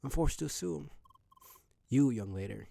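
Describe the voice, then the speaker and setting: A man's voice: mid-range voice, lively intonation, normal speed, vocal fry, warm tone, pitched above the performer's own voice. Man playing a pompous game player, preachy, accusing, stiff lecturing tone. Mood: stern. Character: pompous young man, self-appointed rule enforcer.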